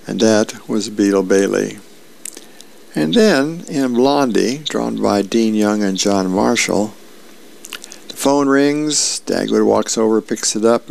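A male radio host casually reading comic strips aloud, acting out the characters' lines. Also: a little mellow. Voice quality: gravelly. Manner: acts out character lines with raised pitch.

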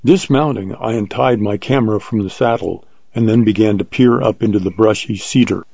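A man reading a first-person adventure story aloud in a steady, measured way, on a dull lo-fi recording. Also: on the low side, gravelly, slightly rough, no echo. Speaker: audiobook narrator.

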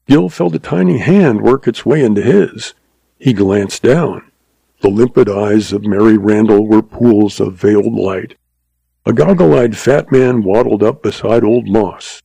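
A man narrates a western novel with steady storytelling. His voice is gravelly and dark with a husky grain. The recording is dry and close. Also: fairly low pitch, unhurried, dry recording, rough recording. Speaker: audiobook narrator.

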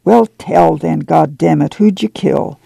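A gruff, blunt farm father , as a male narrator puts him on in a storybook reading. He speaks bluntly in a drawl, in a gravelly, dark voice with a dry close sound. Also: a little high, measured pace, no room sound, exaggerated voice.

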